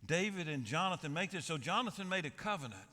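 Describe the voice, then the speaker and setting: A man's voice: fairly high pitch, big pitch swings, quick pace, pushed and bright, long reverb tail. A man preaching a sermon as pastor, joking and telling stories in a folksy way. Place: large church sanctuary.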